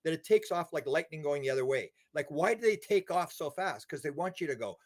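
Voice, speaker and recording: Older man telling stories with lively restarts. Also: on the high side, fairly quick. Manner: animated storyteller, many restarts and repeated words. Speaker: interview guest, UFO researcher. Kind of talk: casual interview talk.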